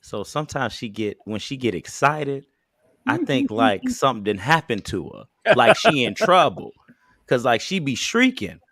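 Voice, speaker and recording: A man's voice: medium pitch, moderate pace, no echo, studio quality. A man on a chat panel, telling a story and acting out quoted lines. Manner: animated, acts out quotes. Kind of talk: casual group chat.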